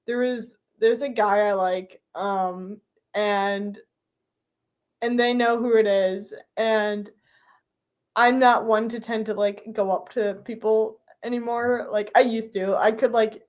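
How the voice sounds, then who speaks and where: A woman's voice: fairly high pitch, steady tone, slow, darkish tone. A young woman streaming live, chatting casually with her viewers, giggly and full of fillers.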